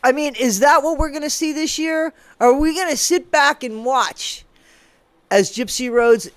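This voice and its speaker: A woman's voice: high voice, a little slow, no room sound. A woman giving casual gossip commentary in a playful, rambling way, with sing-song asides. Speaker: commentary vlogger.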